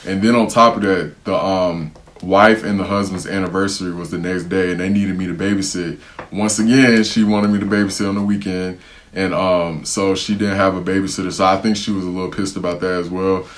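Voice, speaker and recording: A young man with an American accent and a very deep, low voice tells a story straight to the camera. He talks casually and uses a lot of slang, and he acts out the lines of the people in the story. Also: fairly quick. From United States. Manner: animated, slangy, acts out what others said. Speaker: vlogger telling a travel story.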